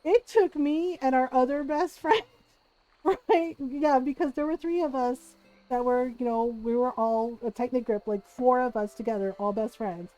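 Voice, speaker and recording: A woman's voice: sits high, a little slow, no echo, rough recording. A woman streamer telling a casual story to her chat, laughing often and acting out what people said. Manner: animated, laughs often, acts out quoted voices.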